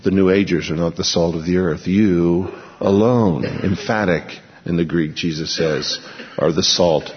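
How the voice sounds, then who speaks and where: A pastor teaching an expository sermon, reading scripture aloud and then explaining it with emphatic repetition. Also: male voice, sits low, little pitch movement, moderate pace. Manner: emphatic, repeats key phrases. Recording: lo-fi recording in a large reverberant hall.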